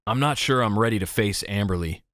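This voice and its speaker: A man's voice: fairly low pitch, fairly quick, a bit bright, no echo, studio quality, natural voice. A man voicing an anxious, unsure teenage boy in an audiobook, speaking hesitantly. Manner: hesitant, confiding.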